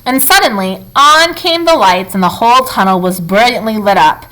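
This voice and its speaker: Bright, expressive woman reading a story. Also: on the high side, normal speed, rough recording. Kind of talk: reading a children's book aloud.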